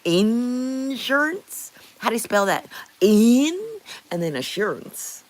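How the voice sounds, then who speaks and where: A woman's voice: medium pitch, very animated, a little slow, a little mellow. A middle-aged woman from Canada hosting a casual livestream, chatting with viewers in a blunt way, swearing freely and laughing often. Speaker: livestream host.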